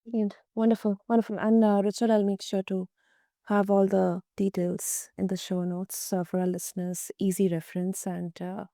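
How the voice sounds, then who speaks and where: A woman's voice: medium pitch, little pitch movement, normal speed, dark tone, dry recording, studio quality. A woman hosting a podcast, giving encouraging praise to her guest. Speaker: podcast host. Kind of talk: podcast interview.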